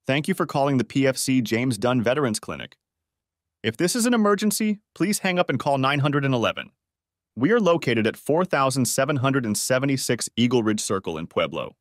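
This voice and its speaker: A man voicing a recorded female phone-menu message with an even, recorded-message delivery. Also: mid-range voice, dry recording, clean studio sound, close to an everyday voice.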